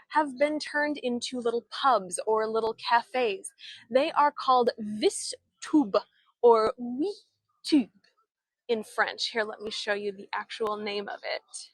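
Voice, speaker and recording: A woman's voice: a little high, fairly bright tone, no room sound. Chatty woman guiding a live walking tour. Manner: chatty, answers viewers' comments as she walks. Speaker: live-stream tour guide. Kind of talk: casual live-stream walking tour chat. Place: outdoors in an old town street. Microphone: handheld camera or phone she turns while walking.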